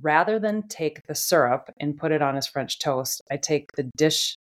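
A middle-aged woman, a podcast host, chatting casually and telling a funny home story with animated laughter. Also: deep voice, moderate pace.

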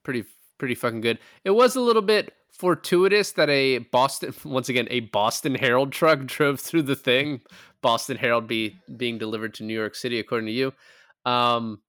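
A man's voice: medium pitch, moderate pace, a bit bright, smooth, dry recording, studio quality. A man co-hosting a casual movie podcast, retelling scenes with quoted lines and casual swearing. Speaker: podcast co-host.

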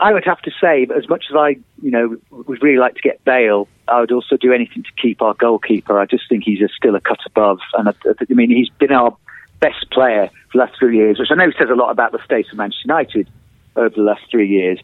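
A man's voice: mid-range voice, quick pace, no echo. A man as a podcast guest, giving hesitant but firm opinions about football. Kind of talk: casual football chat. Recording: tinny phone-like line, dry.

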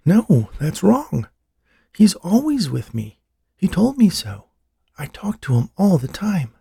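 Male narrator doing a worried older mother, pitched up and pleading, husky. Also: very animated, normal speed, dark tone, full character voice. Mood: agitated. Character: anxious older mother, hopeful, easily agitated.

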